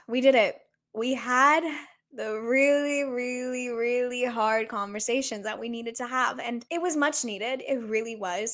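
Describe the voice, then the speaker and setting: A woman's voice: on the high side, fairly bright tone. A woman in her twenties hosting her own podcast, talking in an earnest, reflective way and asking herself many rhetorical questions. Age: 20s. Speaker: podcast host. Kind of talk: solo podcast talk.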